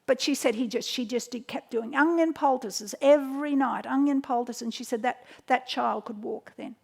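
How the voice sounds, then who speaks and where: Aussie lady teaching home remedies, high voice, tells stories w lots of restarts. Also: moderate pace, creaky, slightly rough. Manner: storytelling, animated quotes, frequent restarts. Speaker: health educator. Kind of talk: teaching by anecdotes.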